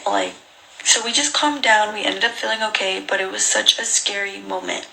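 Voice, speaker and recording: Gravelly bright-voiced young woman storytelling. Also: medium pitch, moderate pace, low-quality recording. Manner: animated, acts out dialogue. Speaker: traveler telling her story. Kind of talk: casual storytelling to camera.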